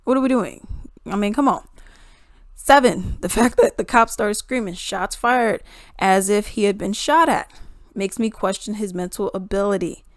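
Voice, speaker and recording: Blunt, animated woman commenting. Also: medium pitch, moderate pace, no room sound, studio quality. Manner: blunt, animated, acts out quotes in voices. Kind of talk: casual commentary.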